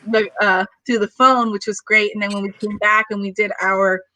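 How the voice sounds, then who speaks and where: A woman hosting an interview chat over a video call, warm and encouraging with her guest. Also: medium pitch, steady tone, moderate pace, dry recording, low-quality recording. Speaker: host.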